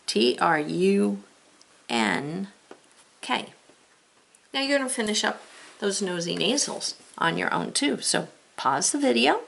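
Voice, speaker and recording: Gently talking the viewer through each exercise, a woman teaches spelling by sounding out letters and words step by step. She speaks in a mid-range, creaky voice.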